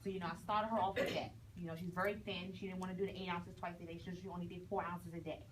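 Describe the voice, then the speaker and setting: A woman's voice: on the low side, little pitch movement, racing. A woman giving an earnest testimonial to a group. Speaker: testimonial speaker. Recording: distant mic, crowd and noise behind.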